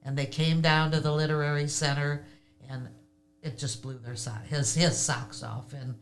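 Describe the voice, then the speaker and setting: An older woman telling stories in a casual interview, animated and laughing often. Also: deep voice, normal speed. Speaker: podcast guest.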